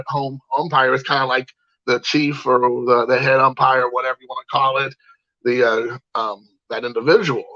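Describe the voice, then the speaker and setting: A man's voice: medium pitch, bright, forceful tone, no echo, lo-fi sound. A man telling a personal story in a casual monologue, rambling with lots of "uh" and restarts. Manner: rambling, many fillers and restarts.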